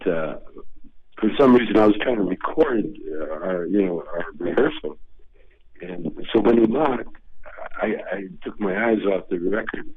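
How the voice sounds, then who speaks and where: An older man with a low, husky voice tells long, rambling anecdotes in an unhurried way. He keeps restarting his sentences. The sound is dull and lo-fi, dry and close. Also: dry recording. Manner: rambling, laid-back anecdotes with repeated restarts. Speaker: interview guest, comedian. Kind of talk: casual storytelling.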